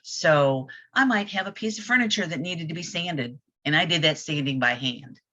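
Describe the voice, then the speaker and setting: A woman's voice: low voice, expressive, normal speed, pushed and bright. A woman in a casual group chat, speaking candidly and reflectively in plain words. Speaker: group discussion participant. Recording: dull lo-fi audio.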